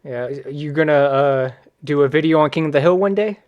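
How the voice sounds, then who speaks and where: A man's voice: on the high side, fairly quick, highs cut off. Reserved young man, laid-back. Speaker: podcast guest, gaming YouTuber. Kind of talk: casual podcast chat.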